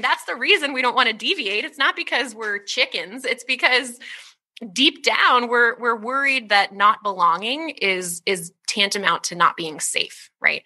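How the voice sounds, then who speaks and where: A woman in her thirties, talking candidly as an interview guest, lively and laughing often, with lots of "like" and "right?". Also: medium pitch. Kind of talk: conversational interview talk.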